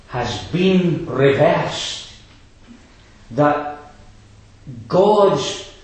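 A man delivers a sermon in an unhurried, lively voice that rises and falls. He stresses his points and drops short asides to the listeners. His voice rings with heavy echo in a church hall. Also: a little high. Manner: emphatic, with rhetorical asides. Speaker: preacher.

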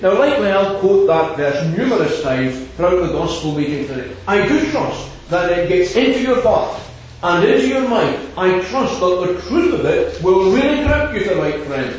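A man preaching a gospel sermon, stressing key words and repeating the main verse slowly. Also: high-pitched, very animated, slight background noise. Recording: echoey distant hall sound, dull.

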